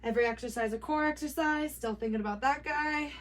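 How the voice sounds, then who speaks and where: A woman with a high voice coaches a workout while doing it herself. She counts reps aloud between panting breaths and keeps things upbeat with little jokes. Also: quick pace. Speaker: fitness coach. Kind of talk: workout instruction while exercising.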